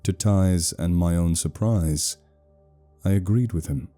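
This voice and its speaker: A man telling a first-person horror story in a measured, somber storytelling voice. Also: low-pitched, dark tone. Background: faint music.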